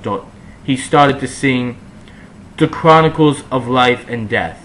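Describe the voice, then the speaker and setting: A man's voice: mid-range voice, fairly bright tone, a little hiss or hum, low-quality recording. A man giving a mock dramatic reading of a story, with dry, mocking emphasis. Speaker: reader.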